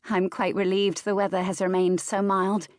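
A woman voicing a nervous young gentlewoman who speaks in a high, chirpy, eager and polite way. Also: little pitch movement, moderate pace, dry recording, clean studio sound, close to an everyday voice. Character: nervous young gentlewoman trying to sound serene.

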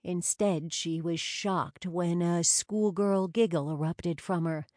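A woman reading a story aloud in a measured, wry storytelling manner. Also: on the low side, steady tone, a little mellow, no room sound, clean studio sound. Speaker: audiobook narrator. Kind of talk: scripted narration.

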